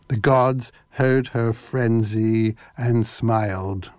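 A man narrating a myth in a slow, deliberate reading that lingers on the words. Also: medium pitch, a little mellow, no echo.

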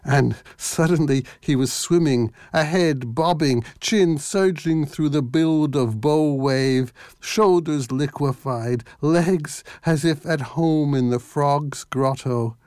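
A man narrating a myth in a slow, deliberate reading that lingers on the words. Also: on the high side, darkish tone, no room sound, clean studio sound.

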